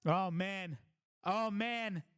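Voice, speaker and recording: A man hosting a live wrestling reaction stream, talking casually, swearing freely and bursting into exclamations and shouts. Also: sits high, drawn-out words, smooth. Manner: excitable, blurts exclamations and shouts at big moments.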